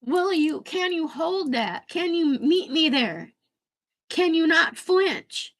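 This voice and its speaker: High-pitched woman venting on a live, voice shaky and teary, kinda hoarse, stammers and swears a lot. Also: very animated, slow pace. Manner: rambling, stammering, repeating herself; blunt, swears freely. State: shaky, tearful voice; hoarse from losing voice. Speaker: livestream host. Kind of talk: emotional venting rant.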